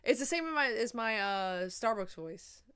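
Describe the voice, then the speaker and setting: A young woman chatting casually on a livestream, rambling and swearing, a little drunk and high. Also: animated, normal speed, a bit bright, clean tone.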